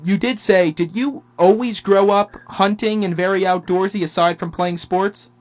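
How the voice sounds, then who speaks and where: A man's voice: sits high, moderate pace. A young man hosting a podcast interview, speaking in an eager, admiring way with many fillers. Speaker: podcast host. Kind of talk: casual interview.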